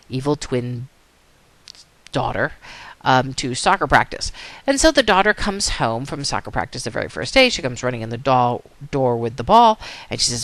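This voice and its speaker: A woman's voice: low voice, fairly bright tone, dry recording. A woman psychology teacher lecturing, telling a story and asking rhetorical questions.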